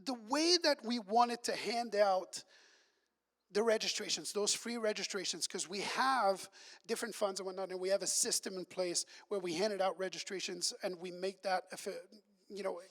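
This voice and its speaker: A man with a notably high voice tells camp stories in a chatty, storytelling way, slipping into little acted voices for the people in them. His words ring out with a long reverb, as if filling a large church hall. He speaks as a camp director updating a congregation. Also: moderate pace, a bit bright. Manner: chatty, acts out quoted voices.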